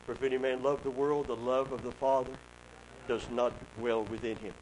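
A man preaching a sermon as pastor, emphatic, with loud rises. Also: medium pitch, level tone, normal speed, slight background noise, rough recording.

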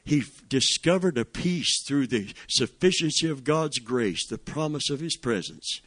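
A middle-aged man preaching a sermon, reading scripture with drawn-out emphasis and rising fervor. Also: medium pitch, animated, fairly bright tone. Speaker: pastor.

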